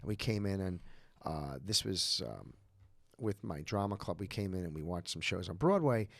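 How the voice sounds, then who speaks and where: A man's voice: deep voice, moderate pace, creaky, dry recording. A man, casually telling a story on a podcast, rambling with fillers and perking up when he quotes people. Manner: rambling with many fillers, lively when quoting others. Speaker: podcast co-host.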